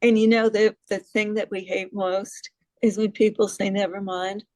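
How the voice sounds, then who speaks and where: A woman's voice: medium pitch, level tone, normal speed, a little mellow, dry recording, low-quality recording. A middle-aged woman from New York City gives a casual presentation to a group, asks the audience questions and laughs at herself. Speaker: presenter on hearing loss advocacy.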